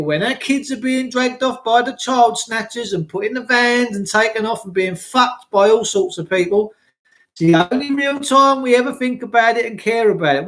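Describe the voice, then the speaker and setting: A man's voice: very high voice, a bit bright. A man delivering an impassioned, ranting monologue, full of swearing and rhetorical questions.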